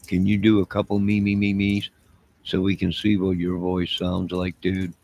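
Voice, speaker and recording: Gravelly, slow, deep-voiced man streaming. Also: little pitch movement, darkish tone, muffled recording. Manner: loose, defensive, talks straight to viewers. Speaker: live streamer talking to his chat. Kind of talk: rambling late-night live chat. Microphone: wearing headphones at a desk mic.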